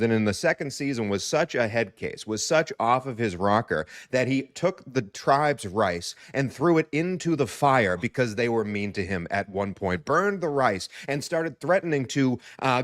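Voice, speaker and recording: A man's voice: mid-range voice, no echo, studio quality. A man from Boston, a podcast guest telling stories in an emphatic, casual way. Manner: storytelling, emphatic. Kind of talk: casual chat.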